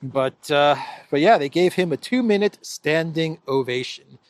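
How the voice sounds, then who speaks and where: A man's voice: on the high side, expressive, measured pace, no echo. Sarcastic laughing male commentator. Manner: sarcastic, laughs often, repeats phrases. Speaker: political commentator. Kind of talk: casual solo commentary.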